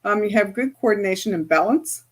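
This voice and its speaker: A woman's voice: medium pitch, expressive, fairly quick, breathy edge. A woman teaching a group as a spiritual and business coach, in a chatty, casual way that keeps checking in with her listeners. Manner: chatty, often checks in with "right?".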